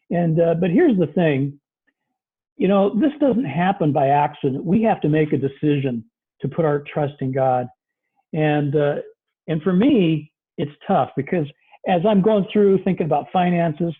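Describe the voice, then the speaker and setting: A man's voice: fairly high pitch, breathy edge. A man preaching a conversational sermon as pastor, with many fillers. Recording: tinny phone-like recording.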